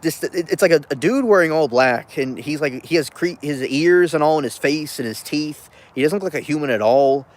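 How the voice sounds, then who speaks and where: A man's voice: fairly high pitch, animated, a little fast, hardly any pauses. A man ranting casually about a film he watched, rambling and interrupting himself with chuckling asides. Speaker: vlogger reviewing a film.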